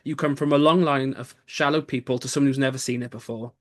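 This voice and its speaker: A man's voice: mid-range voice, fairly even intonation, fast talker. A man hosting a casual interview, laughing often and affirming his guest. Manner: warm listener, frequent laughs and affirmations. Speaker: interviewer, host.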